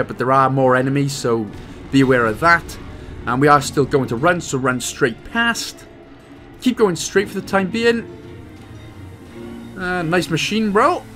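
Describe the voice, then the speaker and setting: A man with a Welsh accent giving playful, joking commentary as host of a game walkthrough. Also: fairly high pitch. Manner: jokey, playful, animated.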